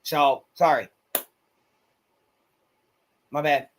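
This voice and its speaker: A man chatting on a livestream, his voice sitting a little higher than most men's. He talks bluntly and crudely, and he gets excitable between asides. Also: very slow, a little hiss or hum. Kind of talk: casual livestream chat.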